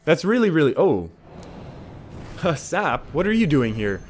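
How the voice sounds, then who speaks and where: A man's voice: fairly high pitch, big pitch swings, unhurried, faint music behind. Chatty Canadian man streaming a game. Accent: English Canadian. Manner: chatty, laughs often, reads viewer comments. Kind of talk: casual game commentary with chat.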